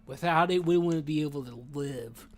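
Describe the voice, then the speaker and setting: A man chatting casually while he plays a game, rambling and animated, saying dude a lot, and talking with his mouth full while he eats. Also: on the high side, normal speed, slight background noise. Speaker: gaming streamer. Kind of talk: casual gameplay chat.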